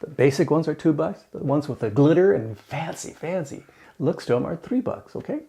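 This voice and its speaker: A man talks through his opinions in a loose, rambling way, throwing in jokes and little asides. His voice sits a bit high and carries a gravelly fry. His pitch swings widely from phrase to phrase. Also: normal speed. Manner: animated, joking, rambling with asides. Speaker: channel host. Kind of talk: casual opinion commentary.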